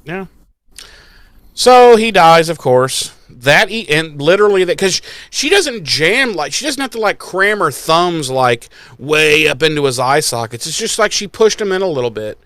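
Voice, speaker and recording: Sarcastic, swearing man, fairly high voice. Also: moderate pace, dry recording. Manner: profane, sarcastic, animated storyteller. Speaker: podcast co-host. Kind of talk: casual recap chat.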